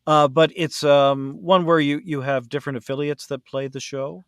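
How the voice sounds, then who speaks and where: A man's voice: on the high side, level tone, normal speed, clear, resonant tone, no room sound. Male podcast host, chatty and rambling, full of fillers; dry recording. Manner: rambling, with many fillers and restarts. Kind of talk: casual chat.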